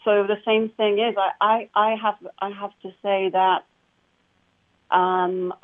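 Enthusiastic actress on a phone line. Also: female voice, medium pitch, level tone, takes it slowly. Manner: enthusiastic, many fillers and restarts. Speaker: actor guest. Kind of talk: casual interview chat.

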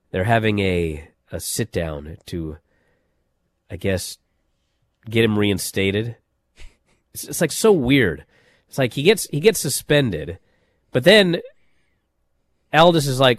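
A man hosting a casual wrestling chat, telling stories in an animated way with many fillers and restarts. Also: on the low side, slow, pauses often, no echo. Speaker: wrestling podcast host.

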